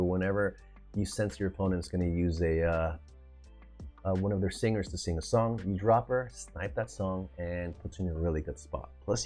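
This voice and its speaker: A man hosting a casual card game deck review, talking in an excitable, hype-filled way and often trailing off to restart a sentence. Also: low voice. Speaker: card game video host.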